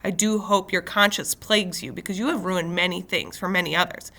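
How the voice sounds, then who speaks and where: A woman's voice: fairly low pitch, steady tone, a little fast, vocal fry, sharp tone, exaggerated voice. A woman voicing a stern, haughty foster mother who speaks in formal, lofty sentences, as a book is read aloud. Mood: scolding.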